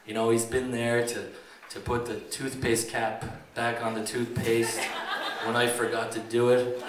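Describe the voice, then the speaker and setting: A man's voice: medium pitch, level tone, unhurried. Joking Irish best man, far off. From Ireland. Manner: joking and rambling, laughing often. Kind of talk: wedding toast speech. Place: wedding reception venue. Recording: roomy echo, distant mic, background noise.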